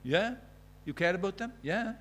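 A man's voice: sits high, expressive, moderate pace, a bit bright. A man preaching a sermon, earnest and questioning, retelling conversations as dialogue.

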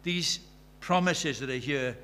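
A man's voice: on the high side, slow pace, fairly bright tone, a little hiss or hum. A man in his sixties preaching a sermon in an earnest way, telling stories and building to fervent emphasis. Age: 60s. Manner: earnest, rising to fervent emphasis, storytelling asides.

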